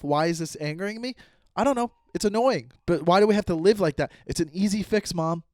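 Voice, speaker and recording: Man, podcast host, comic rant, exasperated, fairly high voice, dry sound. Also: dry recording. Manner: ranting, exasperated, acts out voices. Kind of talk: comic monologue.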